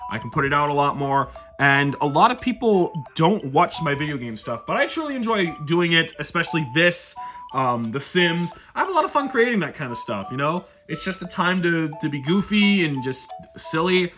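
A man's voice: a little high, big pitch swings, moderate pace, music in the background. A young man giving goofy, rambling commentary while playing a life sim game on his own channel. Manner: goofy, rambling, self-mocking. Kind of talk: casual gameplay commentary.

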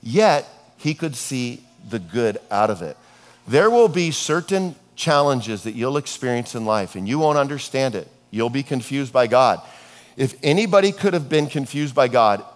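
Middle-aged male pastor, casual storyteller with dark humor, mid-pitched voice, long hall reverb. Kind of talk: sermon.

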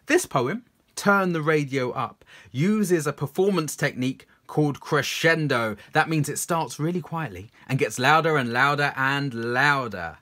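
A man performing poems aloud for children, theatrical, swinging from loud calls to hushed whispers. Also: on the high side. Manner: slow and deliberate. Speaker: children's poet reading to kids. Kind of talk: performed poetry reading for children.

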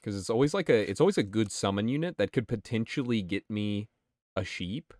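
Man, deep voice, casual game commentary, chatty, swears a lot. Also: expressive, brisk, a little mellow, no echo. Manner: chatty and profane, answering chat. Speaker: game streamer.

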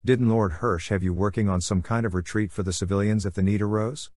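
A man's voice: lowish voice, fairly even intonation, a little fast, a little mellow, no echo, studio quality, natural voice. A man reading as a grim army officer. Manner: blunt and curt.

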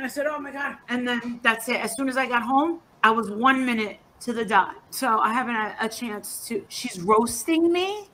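A woman's voice: on the high side, moderate pace, hardly any pauses, bright, forceful tone, slight background noise. A woman speaking as a guest on an online panel. She talks in a confrontational, scolding way. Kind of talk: heated online panel talk.

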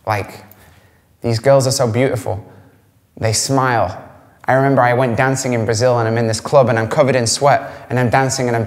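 A man from England answers interview questions with blunt candor, cursing and repeating himself for emphasis. His voice sits in an ordinary middle pitch. The recording carries a long, hall-like reverb. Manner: blunt, swearing, emphatic repetition. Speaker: musician interviewee.

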